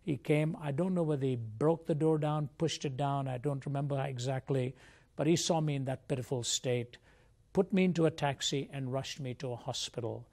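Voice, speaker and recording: A man's voice: mid-range voice, moderate pace, warm tone. An older man from India, a Christian apologist, telling his life story as an interview guest in an earnest, reflective way.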